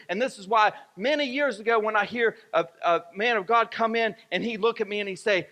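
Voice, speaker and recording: Male pastor, high bright tone, repetitive emphatic sermon delivery, echoey church hall. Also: fairly quick, few pauses. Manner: repetitive, emphatic preaching with rising fervor. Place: church sanctuary.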